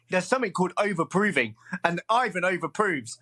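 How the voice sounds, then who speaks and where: A man co-hosting a casual podcast, enthusiastic and quick to laugh. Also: high-pitched, animated, bright, forceful tone. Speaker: podcast co-host.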